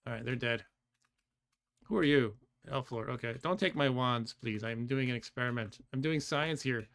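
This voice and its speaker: A man talks through his game on a live stream, thinking out loud and trailing off mid-thought. His voice is bright and crisp. He laughs often, reads chat aloud, and keyboard typing clicks along underneath. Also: mid-range voice, normal speed. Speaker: streamer playing a computer game. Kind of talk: casual live-stream commentary.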